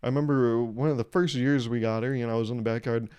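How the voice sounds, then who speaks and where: A young man riffs through a comedic podcast monologue, wry and rambling, dropping casual swears. His voice is mellow and warm, sitting in an ordinary middle pitch. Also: steady tone, fast talker, clean tone. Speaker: podcast host.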